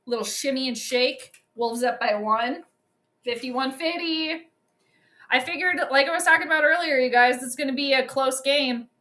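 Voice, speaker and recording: A young woman hosting a livestream, giving chatty and excitable commentary on a basketball game straight to her viewers. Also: high-pitched, normal speed. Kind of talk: casual live commentary.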